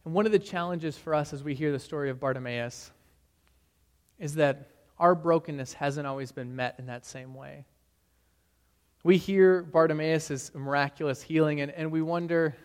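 A man delivering a sermon, his voice sitting a little higher than most men's. He preaches earnestly, swelling on key phrases and dropping soft at their ends, with the odd stumble. The sound carries a long reverb, as in a church sanctuary. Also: normal speed, smooth. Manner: earnest, rising and falling emphasis, occasional stumbles. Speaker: pastor.

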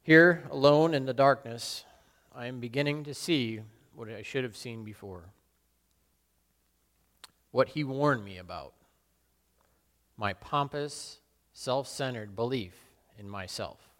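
A man playing the apostle Peter, a burly fisherman full of guilt, in a solemn, halting dramatic monologue. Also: mid-range voice, a bit bright. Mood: remorseful. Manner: solemn, halting and self-questioning. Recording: long reverb in a large hall.

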